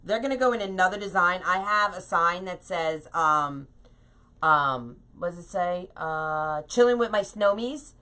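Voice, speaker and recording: A woman's voice: lowish voice, lively intonation, unhurried, bright, forceful tone. A woman hosting a live craft tutorial, chatting and laughing at herself as she reads viewer comments at her home craft table. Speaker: craft host teaching wreath making.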